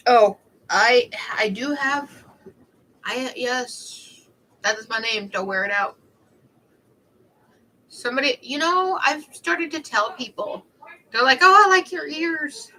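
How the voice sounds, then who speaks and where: A woman's voice: fairly high pitch, animated, slow pace, long pauses, sharp tone, poor audio. A young woman chatting casually on a livestream, telling rambling stories in a snarky, talkative way.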